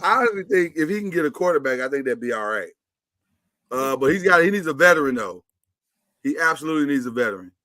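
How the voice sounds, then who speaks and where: Opinionated bright-voiced male sports host. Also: on the high side, sing-song, fast, no room sound. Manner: chatty, opinionated, runs the segments. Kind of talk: casual sports talk.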